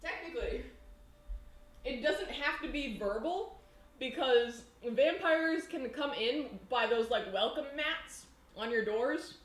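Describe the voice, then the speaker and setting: A woman's voice: high voice, lively intonation, slow pace. A woman chatting casually on a live cooking stream in her home kitchen, rambling and laughing often. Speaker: baking streamer. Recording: echoey room.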